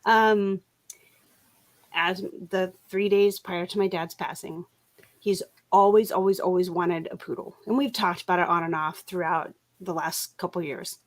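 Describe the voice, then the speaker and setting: Telling stories on her relaxed craft livestream, a middle-aged host talks at a measured pace in a lowish voice with fairly even intonation. She chats freely, laughing a lot and often starting over mid-thought.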